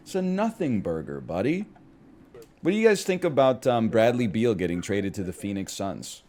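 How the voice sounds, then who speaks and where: This young man speaks in a fairly low, mellow, sing-song voice at a moderate pace while playing a game. He rambles casually, cracks jokes, trails off into riffs and breaks into mock screams.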